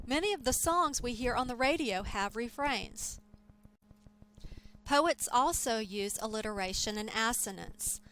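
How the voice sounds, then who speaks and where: A woman teaching a lecture, explaining terms in a clear, measured way. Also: a little high, lively intonation, fairly bright tone, rough recording. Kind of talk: scripted lecture.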